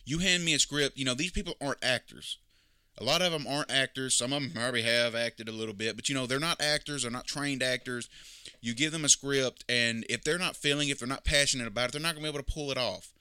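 A man's voice: mid-range voice, quick pace, bright, forceful tone, clear, resonant tone, no room sound, studio quality. A man giving opinionated, emphatic casual commentary, critical and repeating his points. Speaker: wrestling commentator.

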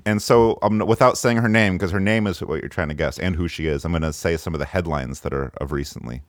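A man's voice: sits low, fast talker, no room sound, clean studio sound. A man hosting a comedic podcast, playful and mock-dramatic, quizzing his co-host. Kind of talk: casual comedic podcast chat.

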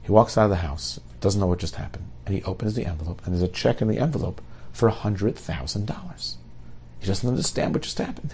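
Brief: middle-aged male storyteller, low and gravelly, rapid delivery, animated. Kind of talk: oral storytelling.

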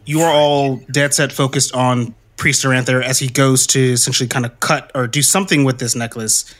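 A man's voice: mid-range voice, fairly quick. A man narrating as game master of a tabletop role-playing game, telling the scene with fillers and easy laughs. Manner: relaxed storytelling with frequent fillers and laughs.

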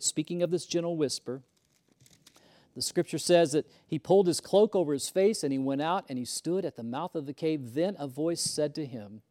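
A man preaching a sermon, moving from loud emphasis to hushed whispers and often repeating words as he starts a sentence. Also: on the high side. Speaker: pastor.

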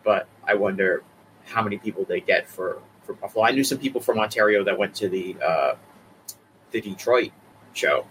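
A man from the Boston area with a Boston accent, co-hosting a casual wrestling chat, animated and opinionated. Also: fairly low pitch, normal speed, slight background noise, poor audio. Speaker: podcast co-host.

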